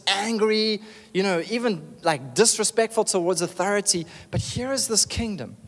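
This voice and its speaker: A man, preaching an animated, emphatic sermon and calling out for amens. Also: high voice, in a large hall.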